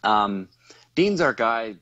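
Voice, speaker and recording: A man with a fairly low voice chats casually as host, rambling through a race story with lots of ums, restarts and laughter. The audio sounds dull and lo-fi, like an older live stream. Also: sing-song, takes it slowly, a bit bright. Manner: rambling, laughs often, many fillers and restarts. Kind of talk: casual chat recounting a race.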